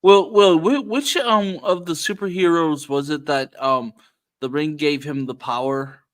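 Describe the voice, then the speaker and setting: A man's voice: on the high side, measured pace. A man hosting a casual stream chat, rambling with lots of ums and some cussing. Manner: rambling with many ums and profanity. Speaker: streamer host.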